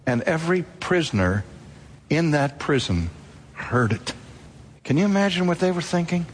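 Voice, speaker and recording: Raspy preacher guy, slightly high voice, dramatic storytelling sermon, long echo from the hall. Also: very animated, normal speed, pauses often, a little hiss or hum. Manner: dramatic storytelling, acting out quotes, sudden shifts of pace. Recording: long reverb of a large hall.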